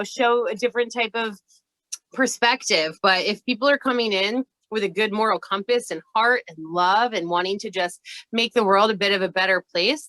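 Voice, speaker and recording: A woman co-hosting a spiritual podcast as a healer, speaking earnestly and warmly about self-love in casual chat. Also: mid-range voice, no echo. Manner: earnest, gushing, uplifting.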